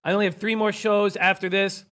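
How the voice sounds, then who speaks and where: A man's voice: high-pitched, little pitch movement, a little fast, a bit bright, smooth. A man hosting a sports betting show, losing his voice, reading viewer comments and rattling off stats. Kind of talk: casual sports betting talk.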